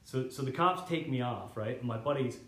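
Guy, mid pitch, swearing through a story in a living room. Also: fairly quick, a bit bright. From Canada. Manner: rambling, swears a lot, laughs through the story. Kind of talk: casual storytelling chat. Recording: echoey room.

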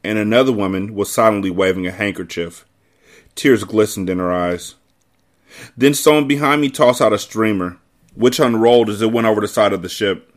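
A man's voice: fairly low pitch, moderate pace. A man hosting a podcast, reading a novel aloud and dropping laid-back, conversational asides. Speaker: podcast host.

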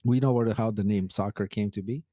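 A podcast co-host with a fairly low, mellow voice chats casually and tells stories, laughing often. His intonation is fairly even and his pace quick, recorded in clean studio sound with no echo.

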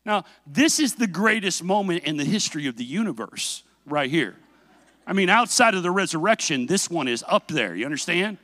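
A man preaching a sermon, telling a self-mocking story with animated delivery and asking the congregation questions. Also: high voice, moderate pace, no room sound.

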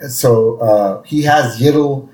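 A man's voice: medium pitch, slow pace. A man co-hosting a podcast, casually recapping a cartoon episode and retelling its scenes. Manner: retells scenes with lively quoted voices. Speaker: podcast co-host. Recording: roomy echo.

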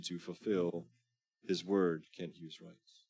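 A man's voice: low voice, fairly even intonation, a little slow, pauses often, dry recording. A man preaching a sermon as pastor, urging his listeners earnestly and reading scripture aloud with rising emphasis. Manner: earnest exhortation.

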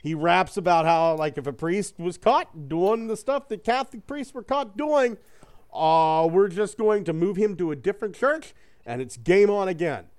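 A man's voice: sits high, normal speed. Rambling, laughing man telling a story. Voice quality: animated storyteller, breaks into voices for quotes. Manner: rambling, loose, swears and laughs often. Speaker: podcast co-host. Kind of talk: casual chat.

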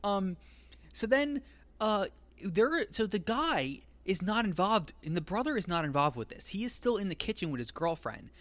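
A man's voice: sits high, very animated, moderate pace, fairly bright tone, no echo. Rambling, giggly man recapping a movie. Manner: rambling, laughs often, acts out quoted lines. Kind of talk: casual chat recapping a film.

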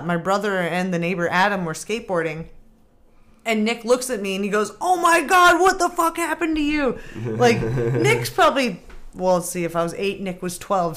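A woman hosts a casual podcast and tells a story. She is animated and acts out the lines of the people in it, and her pitch sits in a middle range. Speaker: podcast host.

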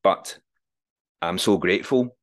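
Forties male guest, deep-pitched, earnest and open, drops the odd swear. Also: slow. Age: 40s. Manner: earnest, reflective, swears freely. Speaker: podcast guest. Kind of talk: candid interview conversation.

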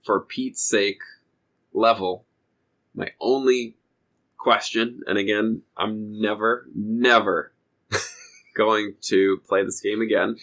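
A man's voice: fairly low pitch, fairly even intonation, slow, long pauses, fairly bright tone, low-quality recording. A man co-hosting a casual video game podcast, talking in a rambling, hesitant way with many fillers. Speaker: podcast co-host. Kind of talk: casual game review chat.

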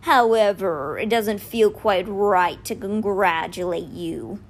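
A woman voicing a giant male cheetah statue who speaks slowly, dryly and pointedly in a lowered voice. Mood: dry, stern. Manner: slow, pointed, lower delivery.

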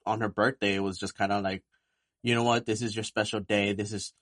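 A man's voice: lowish voice, fairly quick, dry recording, studio quality. Swearing young man telling stories. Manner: animated storyteller, swears freely. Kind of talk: casual chat.

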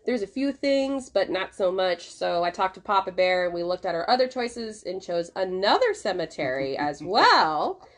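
A woman hosting a podcast in casual chat, chatty and quick to laugh. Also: mid-range voice, very animated. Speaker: podcast host.

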